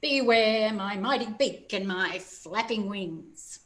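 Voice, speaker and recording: A woman's voice: medium pitch, takes it slowly, natural voice. A woman voicing a small, brave, defiant hen in a children's story, making firm and proud declarations.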